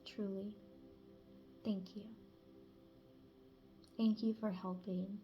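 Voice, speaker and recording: A woman's voice: mid-range voice, fairly even intonation, a little slow, long pauses, dull audio, soft background music. Blunt, cussing woman tarot reader. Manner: blunt and casual, swears freely, drops to a hush at times. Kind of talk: channeled spiritual reading.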